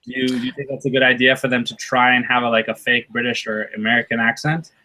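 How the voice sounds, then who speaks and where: A man's voice: mid-range voice, level tone, fast, pushed and bright, rough recording. A man hosting a webinar, friendly, asking casual questions and repeating words as he starts them. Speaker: webinar host.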